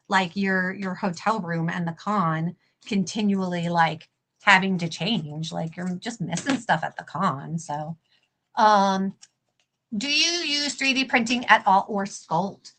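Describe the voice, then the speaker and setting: A woman's voice: medium pitch, a little slow, sharp tone, a little hiss or hum. A woman hosting a crafting livestream, chatting casually and self-deprecatingly while she works on a costume. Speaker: livestream host and prop maker.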